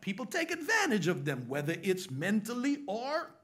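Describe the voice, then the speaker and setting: A man preaches in a church, his pitch sitting high and leaping all over. He drops to near-whispers for weight, then bursts out loud and excited, acting out voices as he goes. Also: moderate pace. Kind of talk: animated sermon.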